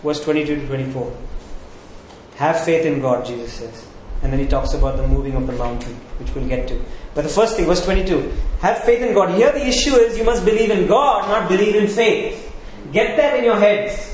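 A man's voice: high voice, fairly quick, hardly any pauses, a little mellow. A man preaching a sermon as pastor, asking rhetorical questions and repeating points for emphasis. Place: church. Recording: echoey church hall with faint noise.

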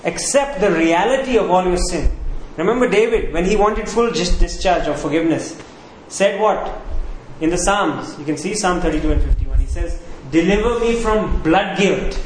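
Male preacher, high-pitched voice, questioning the congregation, heavy room echo. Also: animated, normal speed, hardly any pauses, slight background noise. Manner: asks the congregation questions, repeats key phrases. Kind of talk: sermon. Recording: very echoey room with faint ambience.

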